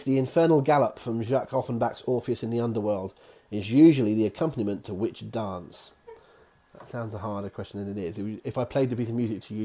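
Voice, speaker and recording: A man's voice: lowish voice, dark tone. A man hosting a quiz from his own office, reading each question twice with chatty asides. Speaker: quiz host.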